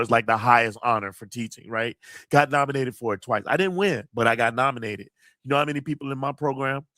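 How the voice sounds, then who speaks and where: A man's voice: medium pitch, bright, forceful tone, no room sound, clean studio sound. A man hosting a livestream, reading chat comments and venting emphatically, with plenty of profanity. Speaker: college teacher and livestream host.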